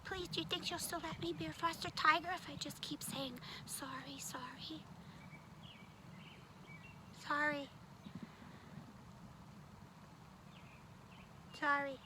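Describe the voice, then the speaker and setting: A woman's voice: extremely high pitch, normal speed, noisy background. A woman voicing Ty, a young male tiger puppet in a children's show, whiny and dramatic. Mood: pleading. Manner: whiny, dramatic, swings between pleading and excitement.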